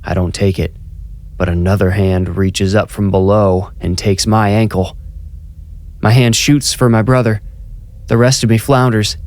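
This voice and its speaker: A man's voice: lowish voice, flat delivery, measured pace, darkish tone. A man narrating a first-person horror story in a tense, conversational storytelling manner.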